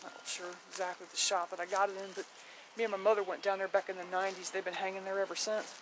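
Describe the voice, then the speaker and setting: A woman's voice: mid-range voice, little pitch movement, quick pace, background noise. A woman giving a casual walking tour of her home garden, chatty and rambling, blunt, with mild swearing and frequent laughter.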